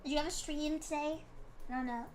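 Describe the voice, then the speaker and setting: A woman's voice: high-pitched, fairly even intonation, fairly quick, slight background noise. A woman streamer chatting casually with her viewers, complaining in a playful, mock-dramatic way.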